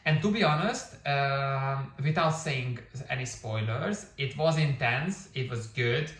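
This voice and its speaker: A man's voice: medium pitch, lively intonation, unhurried, fairly bright tone, recorded from a distance. A man giving a casual movie review, rambling with lots of fillers and restarts; his first language is Hungarian. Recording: echoey room, somewhat off-mic.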